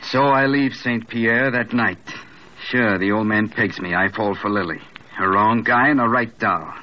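An actor plays a hard-bitten small-time gangster in a vintage radio play, his voice low, curt and deadpan, full of slang. The old broadcast is muffled, with a faint hiss underneath. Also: a little slow, close to an everyday voice. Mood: gruff. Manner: slangy tough-guy talk, curt and deadpan. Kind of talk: 1940s radio acting.

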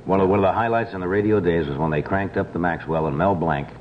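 Talk show host guy, very deep voice, lively, says uh a lot, muffled hissy old tape. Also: fast. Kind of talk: casual interview chat. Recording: dull old TV audio with clear hiss.

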